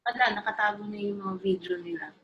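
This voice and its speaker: A woman's voice: medium pitch, fast, muffled recording. A woman with a Filipino accent teaching voice in an online choir workshop, mixing English and Filipino in a coaxing, playful way over a video call.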